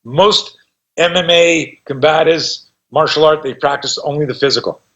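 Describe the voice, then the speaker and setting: A man's voice: a little high, normal speed, fairly bright tone, muffled recording. A man in his fifties, a self-defense instructor and podcast guest, tells stories with energy, swears freely and acts out what people said. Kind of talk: animated storytelling.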